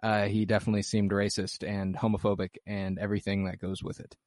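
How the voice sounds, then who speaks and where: Casual male podcast co-host, lowish voice. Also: fast, dry recording, clean studio sound. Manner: animated, swears casually, restarts often. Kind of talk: casual film discussion.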